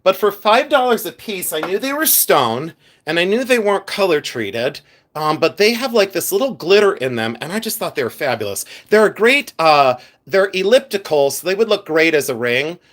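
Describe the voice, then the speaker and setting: A man's voice: high voice, very animated, moderate pace, fairly bright tone. A man hosting a live stream about gems, chatting casually with viewers, giggling often and rambling into asides. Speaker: livestream host showing gems.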